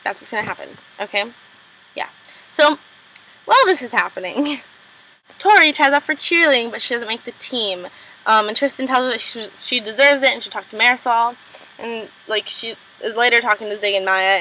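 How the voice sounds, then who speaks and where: A young woman casually recapping a TV episode, full of "like" and "um", quickly acting out characters' lines. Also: fairly high pitch, sharp tone, a little hiss or hum, low-quality recording. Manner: chatty, lots of "like" and "um", acts out lines in quick impressions. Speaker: recap vlogger.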